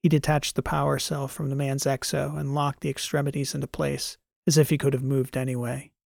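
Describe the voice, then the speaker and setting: A man reading a science fiction story as an audiobook narrator, in a measured, even way. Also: medium pitch, vocal fry, no room sound, clean studio sound. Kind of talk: scripted narration.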